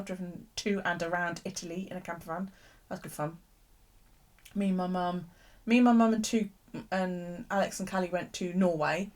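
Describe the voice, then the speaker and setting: Chatty British woman, low-voiced. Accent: British English. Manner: chatty, swears casually, frequent ums and laughs. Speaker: live-stream host. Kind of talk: rambling casual chat with live viewers. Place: home craft desk.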